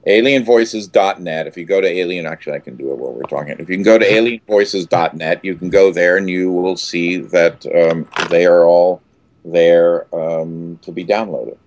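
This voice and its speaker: This man, an actor in his sixties, speaks in a low register at normal speed while being interviewed. His storytelling is highly animated, full of acted-out quotes, sudden loud outbursts, and many restarts.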